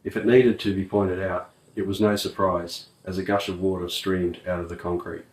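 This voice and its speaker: Aussie guy reading an audiobook, low voice, roomy sound. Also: level tone, normal speed, slight background noise. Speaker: audiobook narrator. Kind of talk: audiobook narration. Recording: roomy, distant mic.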